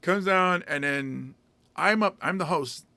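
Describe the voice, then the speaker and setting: A man's voice: sits high, slow, pushed and bright, dry recording. A man hosting a casual talk, telling long rambling stories with lots of fillers and restarts. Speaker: podcast host and stand-up comedian. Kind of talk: casual storytelling chat.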